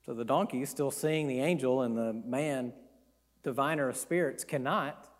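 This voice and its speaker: A preacher retelling a Bible story in an animated, conversational sermon. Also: male voice, mid-range voice, moderate pace, long reverb tail.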